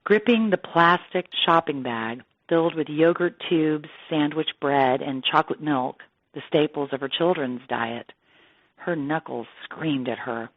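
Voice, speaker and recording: An actress reading a literary essay aloud in a measured, expressive narration. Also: female voice, low-pitched, no echo. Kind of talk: scripted narration. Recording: tinny phone-like dry sound.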